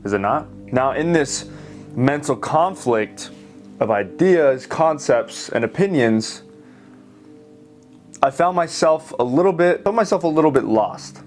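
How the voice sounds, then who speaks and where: A young man, an art teacher, telling a heartfelt personal story straight to his viewers while he draws. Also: mid-range voice. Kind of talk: earnest storytelling while drawing.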